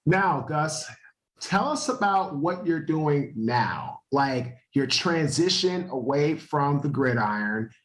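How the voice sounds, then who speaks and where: A man hosting a podcast, with a voice a little higher than most men's. He sets up his questions quickly and directly. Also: expressive, fairly bright tone, poor audio. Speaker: podcast host. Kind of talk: interview questions.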